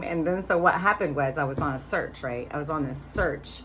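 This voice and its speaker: Woman, 50s, low voice, chatty and candid vlogger storytelling to camera, with faint noise behind her. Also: moderate pace, hardly any pauses. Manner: chatty and candid, swearing casually.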